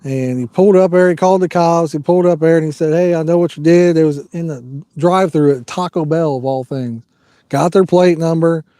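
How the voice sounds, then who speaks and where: A man's voice: on the high side, brisk, mellow, no room sound. Easygoing man chatting on a fishing stream. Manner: rambling, easygoing, reads viewer comments aloud. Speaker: fishing livestream host. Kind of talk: casual live-stream chat. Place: outdoors at a fishing spot.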